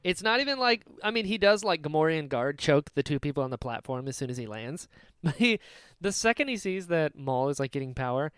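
Animated male podcast co-host, excitable ranter, smooth and dry. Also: on the high side, fairly quick, dry recording. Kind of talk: casual chat.

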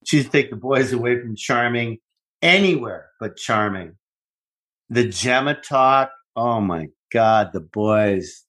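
A middle-aged man co-hosting a podcast, bantering in animated, profane casual chat. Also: mid-range voice, slow. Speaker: podcast co-host.

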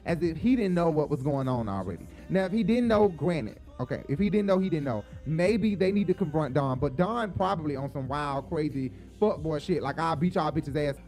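A man's voice: a little high, sing-song, brisk, hardly any pauses, a little mellow, faint music behind. A man giving blunt, profane, sassy commentary while reacting to a reality show.

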